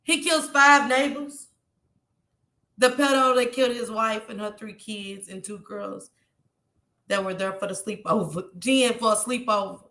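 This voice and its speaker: A YouTube vlogger with a medium-pitched, fairly bright voice speaks at a moderate pace in a reverberant space. Emotional and tearful, she pours her heart out to livestream viewers and reads their chat comments aloud.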